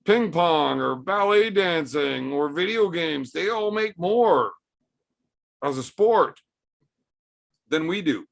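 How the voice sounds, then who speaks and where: A man with a gravelly, fry-laden voice pitched a little above the usual, talking casually on a livestream as he answers viewers' super chats. He rants bluntly and swears freely, building his points with repetition and tough talk. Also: animated, takes it slowly, pauses often. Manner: blunt, profane, ranting. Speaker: arm wrestler hosting a livestream.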